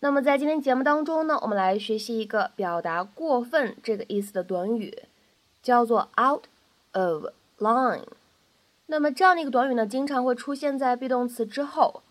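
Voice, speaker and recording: A woman teaching in a bright, slightly high voice. She explains each point patiently, adds lots of soft fillers, and says every example three times. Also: animated, moderate pace. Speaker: English pronunciation teacher. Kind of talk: explanatory lesson narration.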